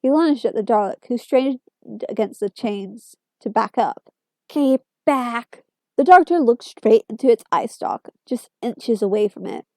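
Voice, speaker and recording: A woman reading fan fiction aloud in a steady storytelling voice. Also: fairly high pitch, moderate pace, dry recording.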